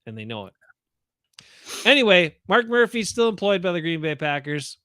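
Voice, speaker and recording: A man talks sports in a blunt, rambling, opinionated way. His voice sits a bit high for a man. The sound is dry and close, with no room around it. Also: big pitch swings, moderate pace, pushed and bright, clean tone, dry recording. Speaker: podcast co-host. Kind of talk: casual sports chat.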